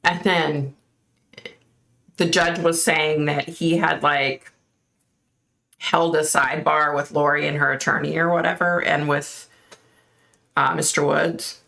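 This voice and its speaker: A woman's voice: low-pitched, flat delivery, slow pace, creaky, long pauses, fairly bright tone. A woman hosting a casual livestream, chatting and reacting aloud to viewer comments. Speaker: livestream host.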